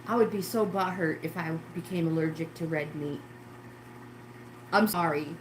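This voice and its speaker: A woman's voice: lowish voice, moderate pace, a little hiss or hum. Chatty middle-aged woman in echoey kitchen. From New York State. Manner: rambling, exclamatory, talks to viewers while doing chores. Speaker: livestream host. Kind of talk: casual chat while cleaning. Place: home kitchen, indoors. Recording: roomy echoey kitchen sound.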